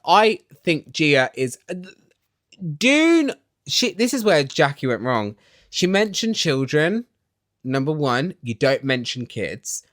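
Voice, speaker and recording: A man ranting excitedly while recapping reality TV in a small home studio, swearing and dramatic. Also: fairly high pitch, dry recording.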